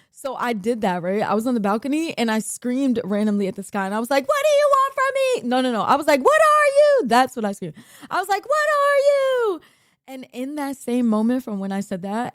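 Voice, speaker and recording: A woman with a New York accent telling a long, profane story in a casual, animated way, shouting out the lines she quotes. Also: a little high, no echo, clean studio sound. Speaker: streamer.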